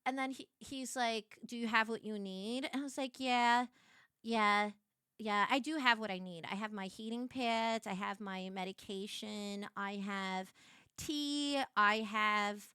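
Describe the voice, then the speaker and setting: A woman's voice: mid-range voice, measured pace, pushed and bright, clean tone, dry recording, clean studio sound. A young woman streamer chatting casually with viewers, full of fillers, giggles and sudden shrieks.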